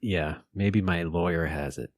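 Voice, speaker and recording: A man's voice: low-pitched, measured pace, no echo. A man co-hosting a casual podcast chat, cracking dry jokes and laughing along. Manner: dry wisecracks and easy laughs. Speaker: podcast co-host.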